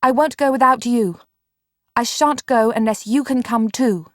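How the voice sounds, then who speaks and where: An eager, impulsive young girl, as a woman reader puts her on, pitched well above the narration and bouncing up and down in tone. She pleads in a breathless rush. The audiobook read is close and dry. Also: lively intonation, a little slow, no room sound. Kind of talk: audiobook character reading.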